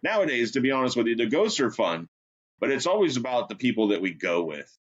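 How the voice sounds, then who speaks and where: A man's voice: medium pitch, very animated, fast talker, husky. A man who is a paranormal investigator, talking in laid-back casual chat, often saying dude and bro. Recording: dull lo-fi sound.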